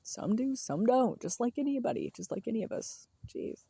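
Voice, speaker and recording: A woman's voice: fairly high pitch, animated, a little fast, creaky, warm tone, husky, no room sound. A young woman rambling through a casual monologue, musing aloud, laughing often and trailing off mid-thought. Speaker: vlogger.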